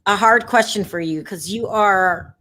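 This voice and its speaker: A woman's voice: mid-range voice, measured pace, bright, forceful tone. A woman in a casual chat, blunt and teasing.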